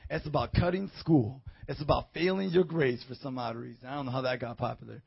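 Fervent male preacher, raspy gravelly voice that climbs to shouts, slightly dull recording. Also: steady tone, a little fast. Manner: fervent, swings from low storytelling to shouting praise. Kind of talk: evangelistic sermon.

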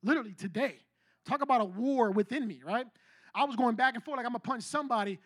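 High-voiced, animated young-sounding preacher man. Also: fast talker, dry recording. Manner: animated, conversational, repeats "I kid you not". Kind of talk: sermon with personal story.

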